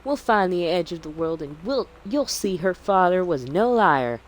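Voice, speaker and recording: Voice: medium pitch, lively intonation, normal speed, pitched above the performer's own voice, lightly acted, poor audio. A streamer reading a child's adventure story in a put-on Southern belle accent, with a lilting storybook delivery. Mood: storytelling. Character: young girl's story told in a Southern belle voice.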